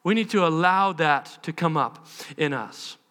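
A man's voice: a little high, lively intonation, measured pace, pushed and bright. A man preaching a live church sermon, earnest and impassioned, acting out prayers and the voices of other people. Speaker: pastor. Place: church service.

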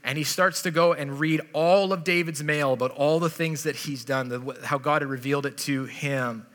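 A man preaching with a bright, forceful edge and a somewhat high voice. He retells the story in a relaxed, chatty way, as if speaking to friends. His words ring out with the long reverb of a big hall. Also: moderate pace. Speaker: pastor. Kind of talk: sermon.

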